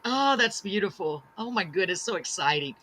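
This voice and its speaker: A woman's voice: mid-range voice, expressive, normal speed, a bit bright, a little hiss or hum. A woman hosting a live-streamed talk show, reading out viewer comments in a gushing, bubbly, self-deprecating way.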